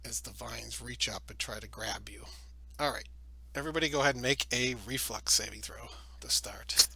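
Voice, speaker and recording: Man, game master, bright tone, loose chatty narration, tabletop game. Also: medium pitch, normal speed, creaky, slightly rough.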